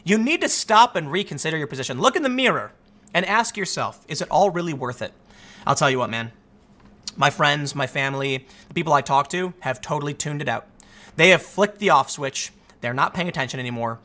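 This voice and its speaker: Male commentator, tired and fed up, rambling with restarts, bright edge to the voice. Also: on the high side. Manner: exasperated, rambling, frequent restarts. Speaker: political commentator. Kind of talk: casual political commentary.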